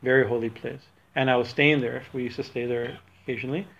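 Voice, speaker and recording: A man's voice: mid-range voice, fairly even intonation, quick pace, gravelly, fairly bright tone. A man giving an informal religious talk, rambling and correcting himself, with frequent laughs. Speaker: religious teacher. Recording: dull lo-fi recording.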